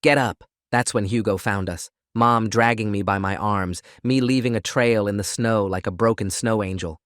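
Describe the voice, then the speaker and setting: A man narrates a first-person story in a steady, scripted reading voice. His pitch sits on the low side, and the sound is dry and close with no room echo. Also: moderate pace, clean tone.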